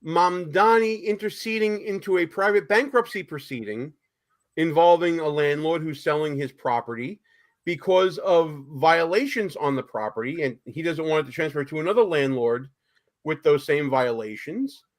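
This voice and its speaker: A man's voice: fairly high pitch, normal speed. A man hosting a political talk show, speaking emphatically with a sarcastic edge. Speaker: host.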